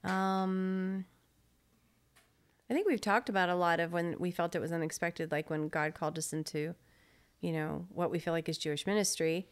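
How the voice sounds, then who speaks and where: A woman's voice: lowish voice, fairly even intonation, moderate pace, smooth. A middle-aged woman co-hosting a casual faith podcast, teasing and laughing easily as she chats. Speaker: podcast co-host. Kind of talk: casual chat.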